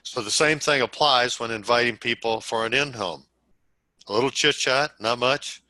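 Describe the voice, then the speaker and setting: A man coaching a group on how to invite people, speaking slowly and deliberately and acting out sample calls. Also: medium pitch, pushed and bright, no echo, low-quality recording. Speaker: sales trainer.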